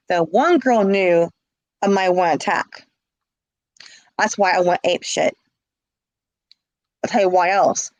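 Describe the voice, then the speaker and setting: A woman's voice: lowish voice, no room sound, poor audio. A woman telling her own story in casual speech, blunt and emphatic, often repeating words.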